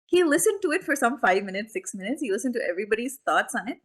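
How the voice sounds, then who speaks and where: A woman's voice: on the high side, very animated, fast. A woman spiritual teacher giving a conversational discourse, full of questions and asides to her listeners. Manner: chatty, questioning, many asides to the audience. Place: temple hall.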